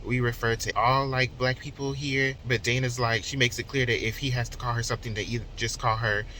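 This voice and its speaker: A man's voice: medium pitch, little pitch movement, brisk, pushed and bright, slight background noise. A man retelling a novel's chapters in a casual, conversational way, voicing the characters' lines in quotes as he goes. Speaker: book reviewer. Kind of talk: casual book recap and commentary.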